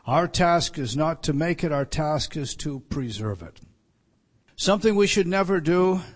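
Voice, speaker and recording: A man preaches an evening sermon, walking his listeners through a text. He hammers points home by repeating them, with frequent restarts. His voice sits a little high for a man. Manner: emphatic, repetitive teaching with many restarts. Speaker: pastor.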